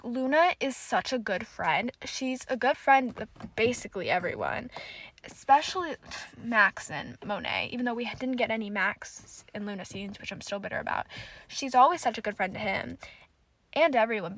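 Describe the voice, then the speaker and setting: A woman's voice: a little high, a bit bright. A woman hosting a solo podcast, gushing emotionally and swearing often as she recaps a TV episode. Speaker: podcast host.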